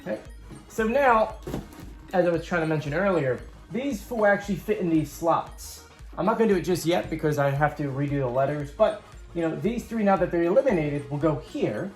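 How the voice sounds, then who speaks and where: A man's voice: fairly high pitch, animated, fairly quick, faint music behind. A man hosting his own channel, walking viewers through a homemade game board in a chatty, upbeat way, with rambling asides. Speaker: YouTube host. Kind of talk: casual show-and-tell walkthrough.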